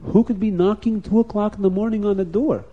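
Expressive male children's storyteller. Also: sits high, a little fast, muffled recording, slight background noise. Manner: lively, expressive, swinging loud and soft.

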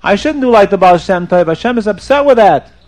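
A man's voice: high voice, lively intonation, a little fast, darkish tone, pitched above the performer's own voice. A man voicing an anxious pious man who keeps crying and fretting over his failed candles. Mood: distraught. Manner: fretful, rising pleading tone.

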